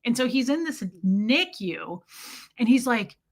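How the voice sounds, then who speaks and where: At a slightly slow pace, a woman in her forties talks on a livestream in a sing-song, somewhat high voice. Her casual chat mixes answers to viewer comments with frank, blunt stories full of quoted voices.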